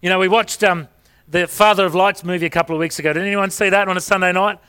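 Bright-voiced man preaching. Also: high-pitched, fairly even intonation, fast, smooth. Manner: conversational storytelling with rhetorical questions. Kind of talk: sermon.

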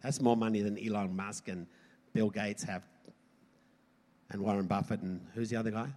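Animated preacher man in a reverberant hall. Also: moderate pace. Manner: animated, swings from loud emphasis to low asides. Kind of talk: sermon.

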